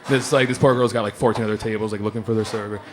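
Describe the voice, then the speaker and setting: A man's voice: on the low side, fairly even intonation, racing, background noise. A man telling a comic story in a casual way, swearing and acting out other people's lines.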